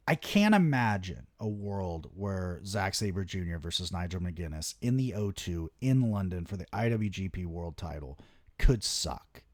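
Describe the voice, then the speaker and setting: A young man hosting his own wrestling talk show, talking in a low voice that swings up and down as he gets fired up. He swears constantly and rants with eager enthusiasm. The sound is close and dry, with no room around it. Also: no echo. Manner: excitable, heavy swearing, animated rants. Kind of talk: casual solo commentary.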